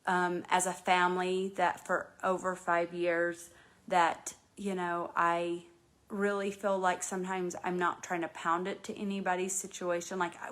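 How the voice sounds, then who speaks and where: A woman's voice: lowish voice, fairly bright tone. A woman from North Carolina hosting a casual live chat, talking earnestly and rambling with many restarts and fillers. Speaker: host.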